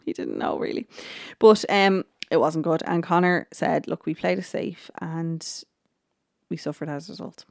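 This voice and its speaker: A woman hosting a podcast, giving a casual, chatty recap of a TV episode and often filling pauses with "look" and "um". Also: low voice, gravelly, no room sound, studio quality. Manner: chatty retelling full of "look" and "um". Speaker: podcast host.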